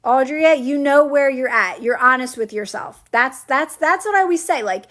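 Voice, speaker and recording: Speaking at a moderate pace, a woman with a high-pitched, fairly bright voice coaches her livestream audience. Her chat is casual as she answers comments and repeats herself to offer reassurance.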